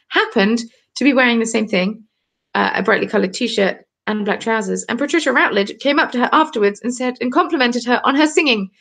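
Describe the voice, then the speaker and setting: A woman's voice: on the high side, creaky, a bit bright. A woman in her twenties with a southern English accent, chatting casually on a live stream while knitting and answering viewer comments. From southern England. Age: 20s. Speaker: crafting channel host. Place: cold home.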